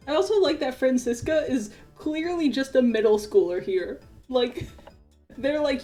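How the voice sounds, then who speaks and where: A woman's voice: high-pitched, lively intonation, unhurried, warm tone, soft background music. A young woman streaming a game, chatting casually and laughing often with lots of "like". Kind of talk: casual let's-play commentary.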